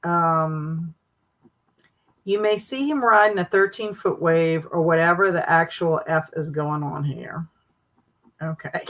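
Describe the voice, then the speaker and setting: A woman's voice: on the low side, measured pace, vocal fry, a bit bright, poor audio. A woman hosting a casual livestream, reacting with amused, laughing commentary. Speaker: livestream host.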